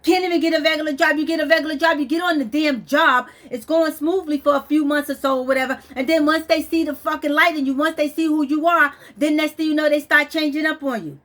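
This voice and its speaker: A woman's voice: sits high, fairly even intonation, fast, few pauses, fairly bright tone. A woman venting bluntly on a vlog, stressed and weepy, swearing as she talks. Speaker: vlogger. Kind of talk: emotional personal vent.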